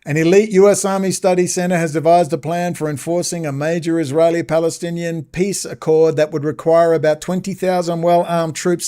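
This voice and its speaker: Male host, solo commentary, higher voice, agitated and sarcastic. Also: dark tone.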